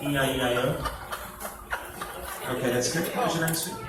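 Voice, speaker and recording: Echoey stage hypnotist, distant and noisy. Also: male voice, mid-range voice, big pitch swings, normal speed. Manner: repetitive, coaxing commands, playful. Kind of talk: live hypnosis show patter. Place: fair stage before an audience.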